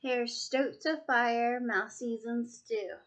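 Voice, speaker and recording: A woman's voice: on the high side, fairly even intonation, slow pace, noisy background. A woman reading a rhyming picture book aloud, with a rhythmic, sing-song delivery. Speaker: storyteller.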